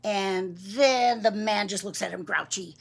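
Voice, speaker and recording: A woman reading a picture book aloud to young children, gentle and chatty, asking them questions. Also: mid-range voice, measured pace, creaky. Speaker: storybook reader for young children.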